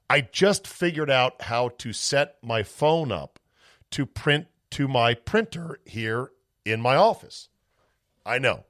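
A man's voice: mid-range voice, fairly bright tone, no echo. Rambling male sports podcast host. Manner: rambling storyteller, acts out family voices. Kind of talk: casual podcast monologue. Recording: dry close-mic home office.

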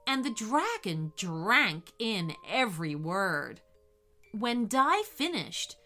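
A woman narrating a bedtime storybook in a slow, soothing, expressive way. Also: on the high side.

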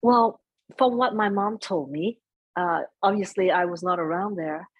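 A soft-spoken woman being interviewed, chatting casually and mixing in Vietnamese phrases. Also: fairly low pitch, measured pace, breathy edge, dry recording, rough recording. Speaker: interview guest. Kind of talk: casual conversation.

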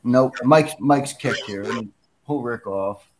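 A man's voice: mid-range voice, a little slow, noisy background. A man co-hosting a sports talk show, speaking conversationally and putting long questions to his guests. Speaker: fill-in sports radio co-host.

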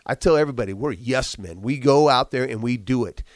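A man's voice: medium pitch, a little fast, dry recording. A man with a congested voice and a slight cough, telling earnest motivational stories in a casual podcast chat with frequent restarts. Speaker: guest, business owner.

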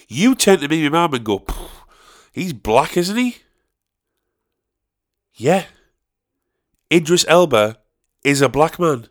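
Animated Northern English man ranting. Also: a little high. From North of England. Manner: animated, sweary, ranting with repeated restarts. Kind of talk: casual monologue.

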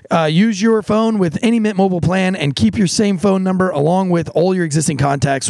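A man's voice: a little high, creaky, no room sound. A middle-aged man hosting a podcast, chatting casually with rambling asides and plenty of swearing. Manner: profane, rambling, quick asides. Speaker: podcast host. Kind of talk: casual podcast chat with a host-read ad.

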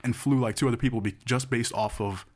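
A man's voice: medium pitch, steady tone, quick pace, darkish tone. A man co-hosting a podcast in casual chat, telling a story at length and checking in with "right?". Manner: rambling storyteller, tags lines with "right?". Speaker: podcast co-host.

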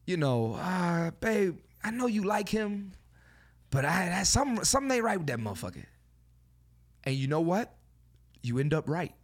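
A man hosting a podcast in a studio, talking in a loose, animated way with lots of swearing and filler phrases. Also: a little high. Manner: animated, swearing, repeats "you know what I'm saying". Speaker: podcast host. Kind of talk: casual podcast chat.

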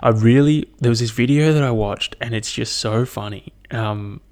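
A man's voice: mid-range voice, normal speed, darkish tone. A young man hosting a casual solo podcast, rambling and swearing with lots of fillers. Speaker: podcast host.

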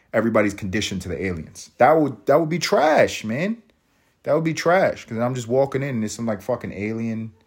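A man from a Puerto Rican family, hosting a solo podcast and riffing in a profane, rambling way, laughing at his own jokes. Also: breathy edge. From Puerto Rican family, raised in US projects. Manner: jumps to high excited pitch for emphasis. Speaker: podcast host. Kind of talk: solo comedic monologue.

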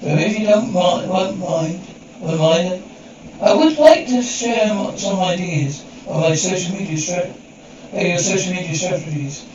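A man's voice: high-pitched, measured pace, a little mellow, heavy reverb. A man speaking lines in a television drama scene, heard muffled and distant. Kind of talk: TV drama audio. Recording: muffled, distant TV audio with crowd noise.

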